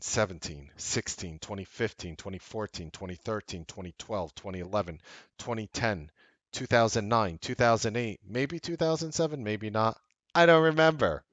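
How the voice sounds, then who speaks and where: A man's voice: lowish voice, fairly bright tone, no room sound. A man in his thirties hosting a trading show, talking casually with jokey, self-deprecating asides. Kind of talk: casual live-stream talk.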